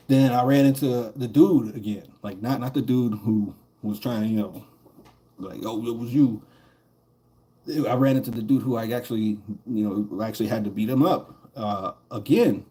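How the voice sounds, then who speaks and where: A male gamer in the middle of a stream, drifting through a long story in an easy, mid-range voice. His talk is loose and profane, full of fillers and little chuckles. He is neither high nor low. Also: normal speed, dark tone. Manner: rambling, profane, chuckles often. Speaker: gaming streamer. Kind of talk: casual storytelling while streaming.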